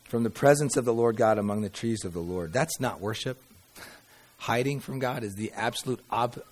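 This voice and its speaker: Low-voiced man preaching a sermon. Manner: dramatic reading of scripture with sudden quiet drops; conversational asides and wry humor. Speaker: pastor.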